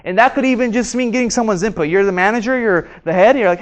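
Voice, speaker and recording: A man teaching a workshop to a live audience, quizzing the room and acting out his examples in an animated way. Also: high voice, fast talker, few pauses. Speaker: workshop instructor. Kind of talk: interactive seminar lecture.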